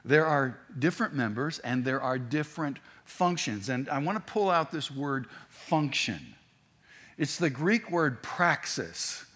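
A man's voice: medium pitch, big pitch swings, unhurried, fairly bright tone, breathy edge. A man preaching a sermon, talking in a conversational way with asides and restarts. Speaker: pastor.

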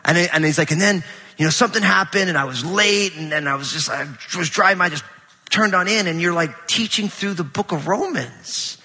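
A middle-aged man preaching a conversational sermon in a large church auditorium, animated and full of anecdotes with quoted dialogue. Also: high-pitched, fairly quick, slightly rough, big-room sound. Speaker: pastor.

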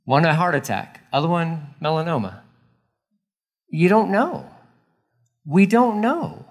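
A man in his forties giving a sermon, his voice a little higher than most men's. He preaches in a casual, conversational way and swings his pitch up and down a lot. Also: takes it slowly. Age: 40s. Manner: animated, conversational preaching with acted-out quotes. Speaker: pastor.

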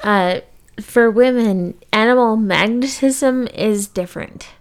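A woman's voice: fairly high pitch, slow. A woman in a casual podcast chat who makes short, blunt remarks.

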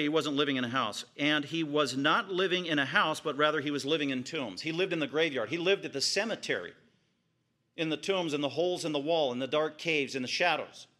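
Preacher man with a dramatic, bright voice. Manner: dramatic, swings from low murmurs to sudden high exclamations; retells scripture vividly, piling up repeated phrases. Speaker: pastor. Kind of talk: expository sermon.

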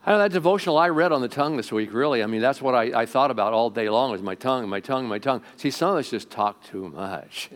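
A man preaching a sermon to a congregation as pastor, swinging between loud emphatic lines and quiet asides, often asking the room questions. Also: medium pitch, fast talker, hardly any pauses. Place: church sanctuary before a congregation.

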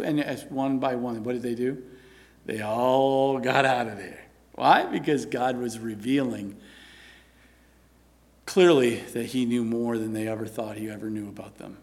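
A man's voice: mid-range voice, measured pace, darkish tone. A man giving an earnest Bible teaching, asking rhetorical questions and reading scripture aloud.

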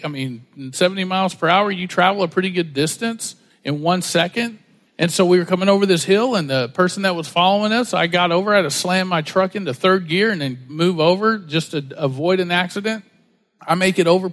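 A middle-aged male pastor preaching a sermon in a casual, conversational way with lively asides. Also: sits high. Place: church sanctuary. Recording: long hall reverb.

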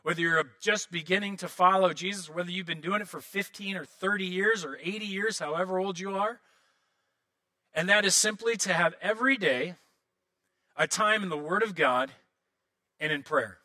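A man in his thirties preaching a sermon as pastor, animated, often acting out prayers and quotes in other voices. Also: sits high, moderate pace.

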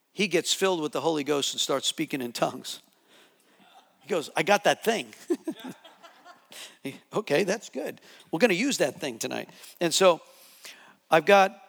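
Man preaching with animated storytelling. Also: fairly high pitch, in a large hall. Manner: animated, repetitive storytelling with restarts. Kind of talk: sermon testimony storytelling.

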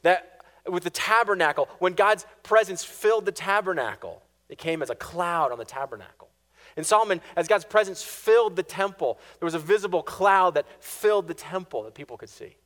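A male pastor preaching a sermon in an animated, storytelling way with touches of sarcastic humor. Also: high-pitched, a little fast.

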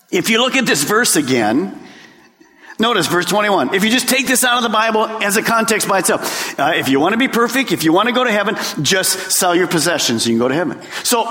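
A man preaching a sermon as a pastor, swinging between loud bursts and hushed lines. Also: sits high. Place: church sanctuary. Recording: long hall reverb.

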